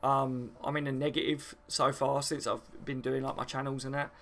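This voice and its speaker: A southern English man with a medium-pitched, slightly bright voice talks at normal speed in a level tone. He chats casually on a football live stream, answering viewer comments and rambling with plenty of fillers.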